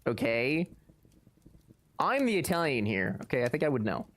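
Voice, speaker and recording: Lively joking male streamer. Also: medium pitch, moderate pace. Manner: joking, sarcastic banter reading chat aloud. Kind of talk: casual live-stream chat.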